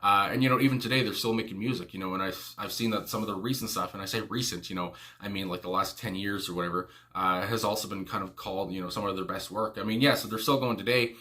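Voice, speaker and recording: Guy doing a song reaction, kinda low but bright forceful voice, rambles with tons of you knows. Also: steady tone, quick pace, few pauses. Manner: rambling, heavy on "you know" fillers; exclaims "my God" often. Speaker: music reaction host. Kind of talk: casual rambling commentary.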